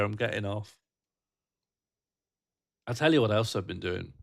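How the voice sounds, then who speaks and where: Lively British man rambling on stream. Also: on the low side, measured pace, gravelly, no echo, clean studio sound. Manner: rambling, jokey and self-mocking. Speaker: livestream host. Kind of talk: casual chat reading viewer comments.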